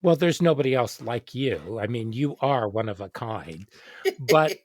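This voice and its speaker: An educator hosts a casual interview, their pitch moving a lot as they tell stories and quote others. The sound is dry and close. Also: a little slow, no room sound. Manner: expressive storyteller, quoting others. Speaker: host, educator.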